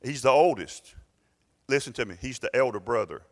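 A pastor, telling a story and building to loud, fervent preaching in a sermon. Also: male voice, medium pitch, normal speed, in a large hall.

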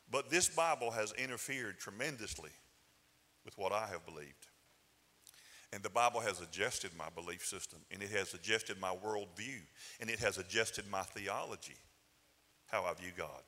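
A man preaches in a loose, folksy way, pushing up into emphatic bursts. His voice is bright and forceful. A long hall reverb trails each phrase. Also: on the low side, normal speed. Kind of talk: sermon.

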